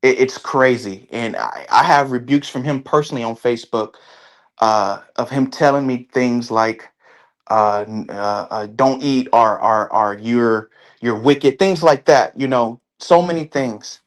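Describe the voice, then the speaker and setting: A man speaking as an interview guest in casual conversation, halting often and restarting his sentences. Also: mid-range voice. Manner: halting, with many restarts and fillers.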